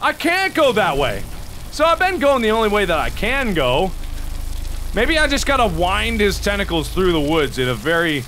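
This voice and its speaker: A young man narrating his horror game run, his voice bright and edged, swinging wildly from low grumbles to high yelps of panic. He rants and shouts in exasperation, and a faint hiss sits under the recording. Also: very animated, normal speed. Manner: loud frantic shouting and exasperated ranting. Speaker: gaming video host. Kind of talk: horror game playthrough commentary.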